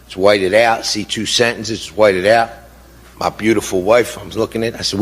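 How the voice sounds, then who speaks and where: A man's voice: lowish voice, fairly even intonation, moderate pace, fairly bright tone, breathy edge. A middle-aged man telling his own story as a bereaved father, indignant and impassioned, repeating himself for emphasis and firing off rhetorical questions. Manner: frequent "you know" and rhetorical questions. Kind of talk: emotional personal account. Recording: long hall reverb.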